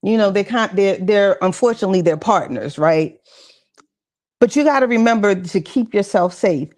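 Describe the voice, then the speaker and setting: A woman's voice: medium pitch, expressive, moderate pace, a little mellow. A woman giving a conversational, encouraging mental health talk at a church session, with casual asides to the audience. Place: church gathering with audience responses.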